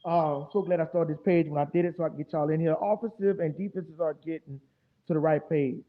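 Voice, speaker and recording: Fired up guy with a high voice ranting about his team, cussing a lot, sounds like it's over a phone line. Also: fast. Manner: animated, profane trash talk. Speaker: fan show host. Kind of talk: casual sports talk stream. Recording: tinny phone-like audio.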